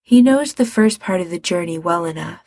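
A woman reading a story aloud, narrating the scene in an even storytelling manner. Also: lowish voice, moderate pace, no echo.

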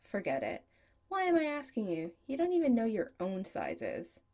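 A woman's voice: fairly high pitch, wildly swooping pitch, normal speed, warm tone. A woman voicing a flamboyant male goth punk shop owner who teases and bosses his friend fondly. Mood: bossy. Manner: fond and bossy teasing.

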